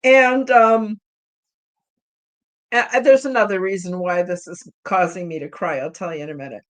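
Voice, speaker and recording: A woman's voice: lowish voice, lively intonation, fast, darkish tone. Rambling, heartfelt woman podcast host. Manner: rambling and heartfelt, many "you know" fillers; openly emotional. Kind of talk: casual live-chat storytelling.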